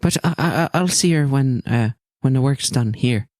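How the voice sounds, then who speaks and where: A man voicing an earnest young Irish boy who lives and works at a temple, speaking haltingly with many fillers. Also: mid-range voice, a little mellow, no room sound, studio quality, lightly acted. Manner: halting, full of "uh" fillers, eager to please.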